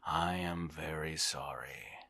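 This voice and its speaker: A man's voice: very deep voice, slow pace, creaky, bright, forceful tone, no room sound, full character voice. A man voicing an overworked male civil servant in a whispered role-play, complaining and self-important. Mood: harried.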